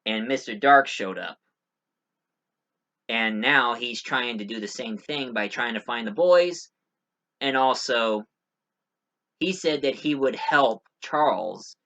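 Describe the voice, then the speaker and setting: Guy rambling thru a movie review, bright voice, kinda dull lo-fi sound. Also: mid-range voice, animated, takes it slowly, pauses often. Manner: rambling, many fillers and restarts. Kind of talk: casual spoken movie review.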